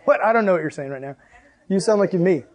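A young man preaching to a youth group, telling a story with lively acted-out exclamations and then reading scripture. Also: high voice, quick pace. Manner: animated storyteller, acts out dialogue with loud exclamations. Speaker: youth pastor.

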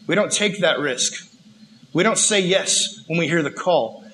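A man preaching in a casual, slangy style, retelling a story with lively animation. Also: a little high, unhurried, slight background noise, low-quality recording.

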